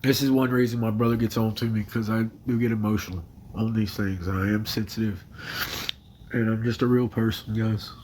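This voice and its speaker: A man crying while he talks on a phone livestream from his bedroom, halting, emotional and apologetic. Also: lowish voice, steady tone, a little mellow, slight background noise. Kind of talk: casual livestream chat. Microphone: phone camera.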